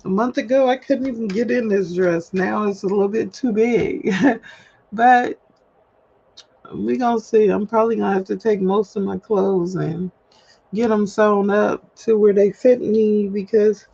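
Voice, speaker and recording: A woman's voice: medium pitch, fairly even intonation, unhurried, vocal fry, mellow, husky. A woman hosting a solo livestream, talking candidly and chattily to her viewers and laughing at herself, recorded at home. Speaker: livestream host. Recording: dull lo-fi livestream audio.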